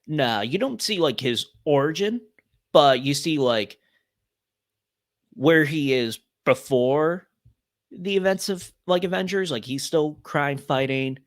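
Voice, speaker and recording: A man's voice: a little high, animated, slow, dry recording, studio quality. A young man on a podcast, talking casually and rambling with many fillers. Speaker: podcast guest.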